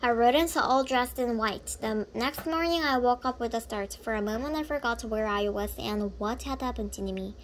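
A woman reads a children's book aloud and stumbles often, correcting herself mid-phrase. Her voice sits fairly high for a woman. A faint hum sits behind her. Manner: halting, with frequent self-corrections. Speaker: reader.

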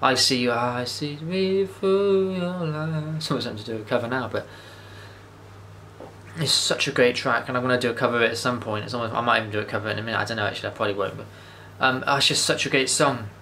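A man's voice: mid-range voice, fairly even intonation, rapid-fire, pushed and bright, slight background noise. A man, rambling enthusiastically through a casual movie review monologue, with frequent restarts and swearing. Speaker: vlogger.

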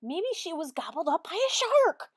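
A woman voicing a group of schoolchildren who speak in eager, excited exclamations. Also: extremely high pitch, normal speed, no echo, clean studio sound, pitched above the performer's own voice.

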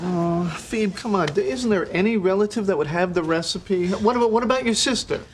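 An actor plays a wry young man tossing dry asides to his friends. His voice sits fairly high for a man. A loud sitcom soundtrack with studio laughter is heard behind him. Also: brisk, very noisy, natural voice. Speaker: sitcom character. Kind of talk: sitcom acting.

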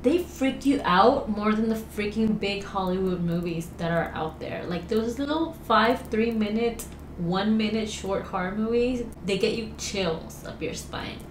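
A woman hosting a reaction video from home, talking casually, jumpy and excitable, swearing often. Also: medium pitch, measured pace, echoey room, a little hiss or hum.

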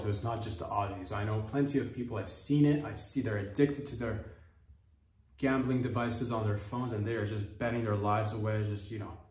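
A man's voice: on the low side, a little mellow, recorded from a distance. A man hosting a comedy podcast, rambling through an ironic, mock-earnest monologue. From Canada. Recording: echoey room, voice a bit off-mic.

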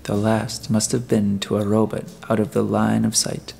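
A male audiobook narrator reads in a measured, even manner. His voice sits low with a gravelly rasp, and soft music plays faintly in the background. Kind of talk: scripted narration.

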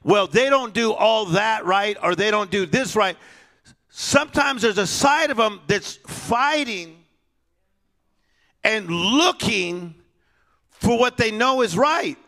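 Guy preaching, bright sharp tone, slow deliberate pace, goes from big and loud to hushed, piano under it. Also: high-pitched, lively intonation. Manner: swings between loud exhortation and hushed storytelling. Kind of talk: sermon. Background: soft piano music.

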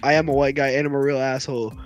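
A man gaming with friends, loud and teasing, swearing often. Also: medium pitch, flat delivery, racing. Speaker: gamer. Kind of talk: casual gaming banter. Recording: voice chat with background music.

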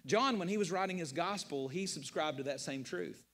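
A man's voice: a little high, normal speed, a bit bright, long reverb tail. A man preaching a sermon as pastor, emphatic and rhetorical, repeating key phrases and asking questions of his listeners. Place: church sanctuary.

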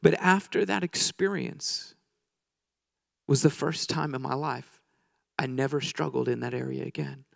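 A man's voice: medium pitch, steady tone, measured pace, vocal fry, a bit bright, dry recording, studio quality. A middle-aged man preaching a sermon, telling a story in a casual, joking way with many restarts.

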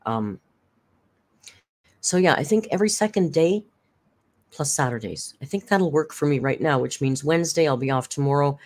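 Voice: mid-range voice, animated, normal speed, long pauses, a little mellow. Brief: worn-out, chatty live-stream host; casual chat, thanks viewers, reads messages aloud. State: tired, worn down by caregiving.

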